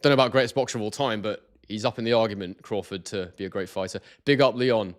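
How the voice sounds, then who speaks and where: Speaking quickly in a voice on the low side, this excitable man hosts a boxing live stream. He chats loosely with viewers and repeatedly reads their names and messages aloud.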